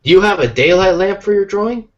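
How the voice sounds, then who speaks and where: An American man co-hosting a podcast, telling jokey stories in a lively, casual way while tired from little sleep. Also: sits high, quick pace, dull audio. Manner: animated, jokey storytelling. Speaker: podcast co-host. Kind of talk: casual chat.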